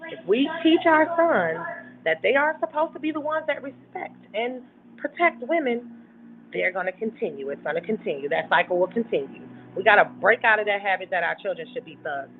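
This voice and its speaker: A woman's voice: medium pitch, big pitch swings, fairly quick, a little hiss or hum. Earnest woman on a tinny phone line. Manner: earnest and emphatic, retelling events at length. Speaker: interview guest. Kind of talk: personal testimony in a talk interview.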